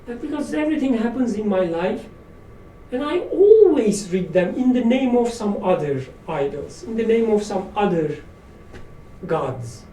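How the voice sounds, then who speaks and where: A man's voice: sits high, big pitch swings, unhurried, warm tone. A man leading an informal religious study session, reflective and self-deprecating, with light laughs. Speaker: study circle leader. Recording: roomy echo, distant mic, faint room noise.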